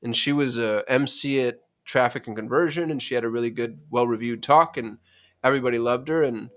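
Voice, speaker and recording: A man's voice: mid-range voice, a little fast, a bit bright. Joking American man, podcast co-host. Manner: bantering, joking. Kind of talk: casual podcast chat.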